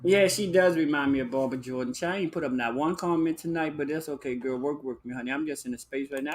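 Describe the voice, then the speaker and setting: A man hosting a live-stream talk show, chatting in a sassy, flamboyant way, calling listeners honey and child and breaking into high whoops. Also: fast, few pauses. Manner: bursts into high whooping exclamations. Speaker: livestream show host. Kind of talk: casual live-stream chat.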